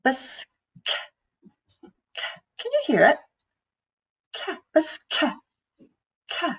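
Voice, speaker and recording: A woman teacher, slowly sounding out words and thinking aloud as she models writing for young children. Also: fairly high pitch, slightly rough, low-quality recording. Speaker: primary school teacher.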